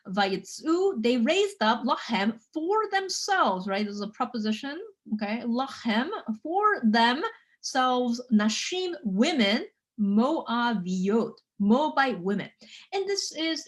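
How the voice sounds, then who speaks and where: A woman lecturing on biblical Hebrew in a chatty way, full of fillers and frequent "okay?" checks, slowing down to sound out words. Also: medium pitch. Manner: spells out Hebrew words slowly.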